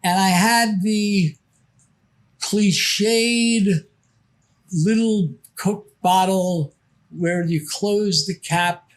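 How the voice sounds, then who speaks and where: A man's voice: high-pitched, drawn-out words. An older man telling a rambling anecdote on a podcast, full of false starts. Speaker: podcast guest. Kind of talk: casual anecdote.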